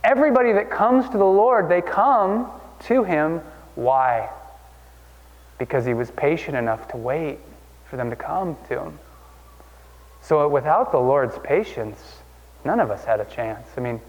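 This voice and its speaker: A man preaches a conversational sermon, circling back to repeat his points and stumbling through fillers as he goes. The sound is dull and lo-fi, and his voice hangs in a long reverb. He speaks at a middle pitch. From Oregon. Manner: conversational, repeats phrases, many fillers and restarts. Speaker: pastor.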